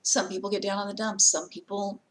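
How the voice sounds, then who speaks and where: A woman vlogging in a casual talk to camera, plainspoken and earnest, giving direct advice with frequent pauses. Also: medium pitch, little pitch movement, low-quality recording.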